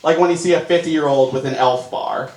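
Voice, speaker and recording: A young man performing a self-mocking stand-up routine on a comedy club stage, excitable and quick to laugh at himself, with audience laughter behind him. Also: fairly high pitch. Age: young adult. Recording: echoey live room, audience noise.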